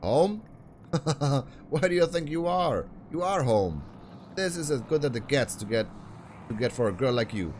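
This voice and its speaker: A man's voice: mid-range voice, animated, measured pace, a little mellow, slight background noise, pitched above the performer's own voice, close to an everyday voice. A man playing a bullying sleazy manager. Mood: scornful. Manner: scornful, bullying. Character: abusive middle-aged male talent manager, bullying.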